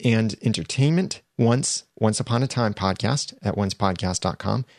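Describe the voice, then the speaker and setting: A man's voice: lowish voice, moderate pace, a little mellow, no room sound, studio quality. A man hosting his own podcast, talking straight to listeners in an earnest, upbeat way as he gives tips and calls for feedback. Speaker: podcast host. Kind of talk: solo podcast monologue giving tips.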